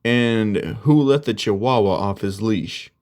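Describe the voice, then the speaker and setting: A man's voice: lowish voice, measured pace, darkish tone, close to an everyday voice. A man voicing a blunt, cocky teenage boy hero who teases offhandedly, in a spoken fan story. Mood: dry.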